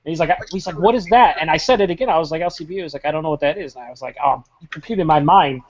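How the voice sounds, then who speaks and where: A man's voice: fairly high pitch, racing. A man hosting a casual chat, telling stories in an exasperated tone and swearing often. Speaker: podcast host. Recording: slightly muffled recording.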